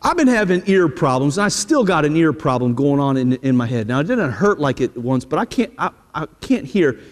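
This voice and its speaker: A middle-aged man preaching from the pulpit, his voice sitting high for a man. He talks to the congregation plainly and directly, often leaning on a quick "hey." The sound rings with the long reverb of a church sanctuary. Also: very animated. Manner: conversational preaching, repeating "hey" and direct address. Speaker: pastor. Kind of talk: sermon.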